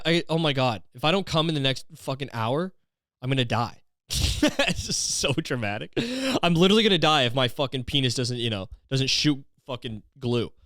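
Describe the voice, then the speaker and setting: A young man hosting a comedy podcast, ranting in a profane, animated, self-mocking way. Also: medium pitch, no room sound, studio quality. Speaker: podcast host.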